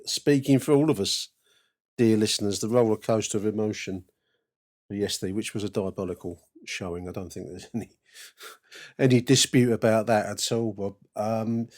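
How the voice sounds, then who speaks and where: Man, podcast host, calm football talk, hesitant, fairly low pitch. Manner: measured, hesitant with many ums, addresses listeners. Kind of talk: casual podcast commentary.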